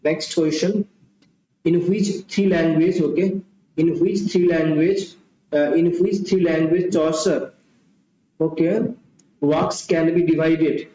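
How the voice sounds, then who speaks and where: A man's voice: fairly high pitch, steady tone, slow, dark tone, slight background noise. A man tutoring for an exam, repeating himself and thinking aloud with fillers. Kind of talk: mock test lecture. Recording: dull, roomy home recording.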